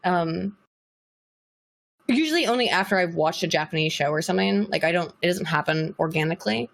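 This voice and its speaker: A woman's voice: lowish voice, lively intonation, brisk, creaky. A woman chatting as a guest on a podcast, talking bluntly and swearing freely as she rambles on. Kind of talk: casual podcast chat.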